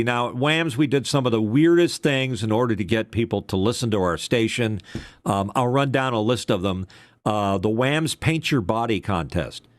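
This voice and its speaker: This older man's voice sits on the low side, captured in a dry, studio-quality recording. Once a radio DJ, he now co-hosts a casual talk show, wandering through stories loaded with fillers in the style of a relaxed podcast conversation.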